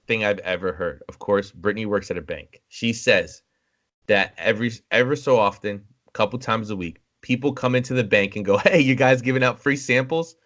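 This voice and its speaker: A young man co-hosting a podcast, chatting casually and telling animated stories with acted-out quoted voices and some swearing. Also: lowish voice, a little fast. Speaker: podcast co-host. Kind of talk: casual chat.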